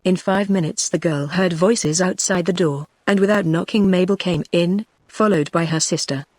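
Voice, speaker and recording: A woman's voice: lowish voice, normal speed, darkish tone, dry recording. Synthetic British woman narrating a novel. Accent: British English. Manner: evenly paced synthetic reading. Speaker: audiobook narrator. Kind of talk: scripted narration.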